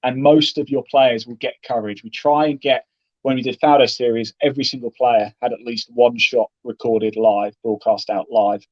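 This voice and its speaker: A man's voice: mid-range voice, moderate pace, no echo, highs cut off. A man, a golf broadcaster, chatting as an interview guest and acting out what he would say to players. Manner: chatty, animated storytelling with acted-out quotes. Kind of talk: casual interview talk.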